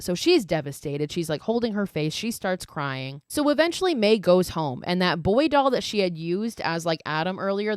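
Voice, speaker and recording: A woman's voice: on the low side, no echo, studio quality. A young woman hosting a podcast, casually retelling a horror film's plot in a chatty style full of fillers and quoted lines. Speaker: podcast host. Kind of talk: casual film recap.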